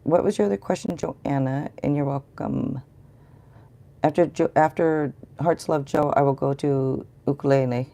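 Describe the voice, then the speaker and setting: A woman's voice: sits low, normal speed, gravelly, dark tone. A middle-aged woman giving a rambling, chatty live tarot reading and talking to viewers in the chat. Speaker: tarot reader.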